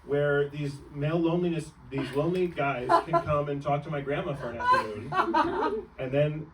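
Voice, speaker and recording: A man's voice: fairly high pitch, normal speed, far from the mic, a loud crowd, low-quality recording. A young man doing a stand-up comedy set, rambling and breaking off mid-sentence, laughing at his own jokes on a club stage.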